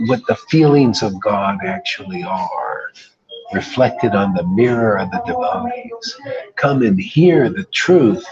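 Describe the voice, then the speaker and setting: A man's voice: lowish voice, muffled recording. A man giving an informal devotional talk as a spiritual teacher, emphatic and colloquial, often calling listeners "man.".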